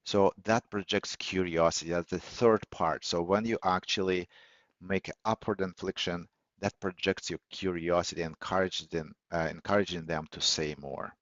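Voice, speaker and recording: Low-voiced man on a dull call line. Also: fairly even intonation, a bit bright, no room sound. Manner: measured, with many filler words and restarts. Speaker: host and speaker of a live audio session. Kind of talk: teaching talk on listening skills. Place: online audio call. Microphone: computer or phone mic on a call. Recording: dull, lo-fi audio call, dry.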